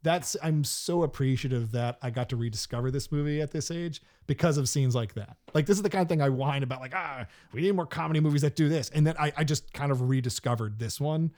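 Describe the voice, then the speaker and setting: A man's voice: mid-range voice, a little fast, hardly any pauses, a little mellow. A man hosting a casual podcast, rambling about a film scene with lots of restarts. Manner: rambling, many restarts and fillers. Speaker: podcast host.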